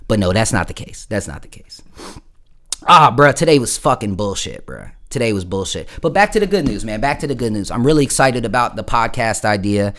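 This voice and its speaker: A man's voice: lowish voice, sing-song, a little fast, fairly bright tone. Profane, rambling man on a livestream. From Florida. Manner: rambling, profane storytelling, full of "bro". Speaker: musician streaming live. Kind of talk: casual livestream chat.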